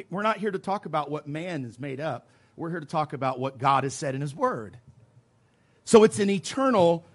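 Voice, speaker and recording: A man preaching a teaching sermon, emphatic, slowing down to stress scripture phrases, with folksy asides. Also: a little high, fairly bright tone, slightly rough. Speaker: preacher teaching soul-winning. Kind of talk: sermon teaching with role-played witnessing.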